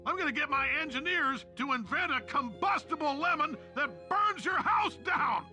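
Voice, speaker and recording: Guy putting on a loud blustery tycoon voice, high and bright, all over the place, faint music under it. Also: animated, normal speed, full character voice. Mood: ranting. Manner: ranting, shouting bluster. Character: brash bombastic male tycoon, angry at life. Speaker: streamer doing an impression.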